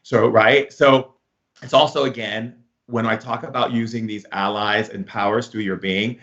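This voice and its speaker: A man's voice: fairly low pitch, fairly even intonation, moderate pace, fairly bright tone, highs cut off. Rambling man giving a spiritual lesson. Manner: rambling, heavy use of filler words. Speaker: spiritual teacher. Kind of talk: casual spoken lesson.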